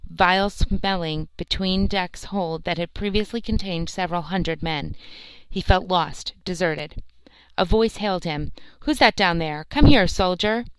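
Woman audiobook narrator; low, clean voice; steady storytelling; close mic. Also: clear, resonant tone, no echo, low-quality recording. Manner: steady storytelling, lightly acts the characters' lines. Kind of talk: scripted narration of a novel, reading every part herself.

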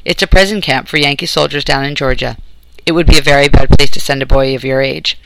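A man voicing a sad-faced, balding Confederate officer and former schoolmaster, speaking in a measured, gently authoritative way. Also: medium pitch, steady tone, gravelly, noisy background, natural voice.

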